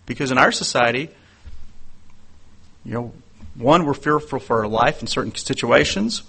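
Bright-voiced man preaching earnestly. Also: mid-range voice, lively intonation, normal speed, creaky, slightly rough. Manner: earnest, conversational preaching with personal anecdotes. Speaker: pastor. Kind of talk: sermon.

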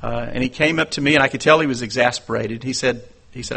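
A man preaching a sermon in an earnest, conversational way, telling personal stories and dropping into quieter asides. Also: mid-range voice, quick pace, gravelly, slightly rough. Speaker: pastor.

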